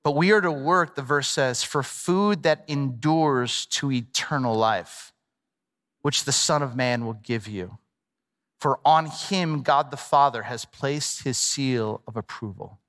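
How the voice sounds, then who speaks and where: A middle-aged male pastor preaching a sermon in a lively, conversational way with playful asides. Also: medium pitch, slow. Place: large church hall. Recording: long reverb of a large hall.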